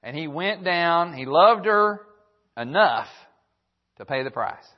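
A man's voice: on the high side, lively intonation, slow pace, lo-fi sound. A man preaching a sermon, reading old-fashioned scripture verses aloud and circling back to repeat key phrases. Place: church broadcast on radio.

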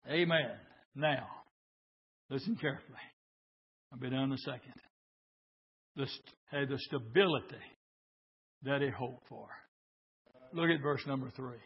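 A man preaching a sermon, building into shouted, hoarse bursts. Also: medium pitch, moderate pace, pauses often. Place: church with congregation. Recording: lo-fi recording in an echoey church.

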